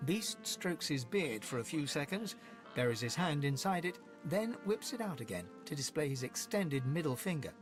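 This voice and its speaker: A man doing a hushed, lilting game narrator. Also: on the high side, sing-song, faint music behind, pitched above the performer's own voice. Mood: wry. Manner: soft, quiet, measured reading.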